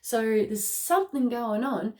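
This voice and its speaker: A woman giving a casual spoken tarot reading. She chats along, tagging lines with "okay?" and "mate", and bursts into excited rises. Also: fairly high pitch, measured pace. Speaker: tarot card reader.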